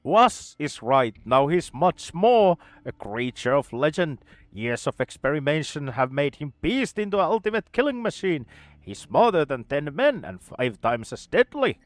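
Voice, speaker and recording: A man's voice: fairly high pitch, big pitch swings, moderate pace, no room sound, voice pushed up. A man voicing a wild, grandiose young lab scientist who rants theatrically while reading a video game aloud. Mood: eager, grandiose.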